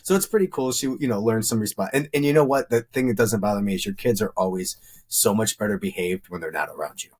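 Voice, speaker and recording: Fast-talking husky middle-aged man. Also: fairly low pitch. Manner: rambling, animated storytelling with many fillers. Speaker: podcast host. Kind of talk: casual chat.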